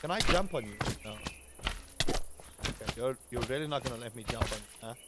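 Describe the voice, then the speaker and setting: A man's voice: mid-range voice, lively intonation, brisk, very noisy. A South African man chatting casually while live-streaming a game, ranting with playful exaggeration and greeting viewers.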